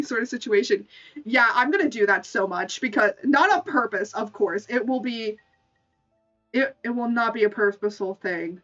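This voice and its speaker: High-voiced giggly woman streamer. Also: expressive, moderate pace, a bit bright. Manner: giggly, full of "like" fillers. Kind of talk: casual livestream chat. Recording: distant dull mic with faint music.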